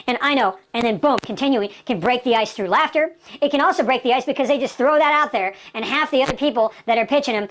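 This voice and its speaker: Woman sales coach, punchy and repetitive, keeps asking "okay?", slightly high voice. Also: lively intonation, fast. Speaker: sales trainer. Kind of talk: sales training lecture.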